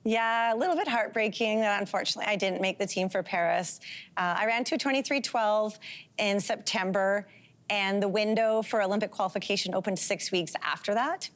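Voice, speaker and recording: A woman's voice: mid-range voice, a little fast, fairly bright tone. A woman in her forties from Canada, a guest on a talk show, talking candidly with frequent fillers. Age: 40s. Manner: candid, chatty, with frequent um fillers and light laughs. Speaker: guest, pro distance runner.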